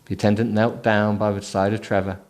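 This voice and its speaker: A man's voice: lowish voice, flat delivery, brisk, a little mellow. A tired man reading a book aloud with sarcastic, mocking asides. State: tired, sleepy. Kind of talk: comic book reading with running commentary.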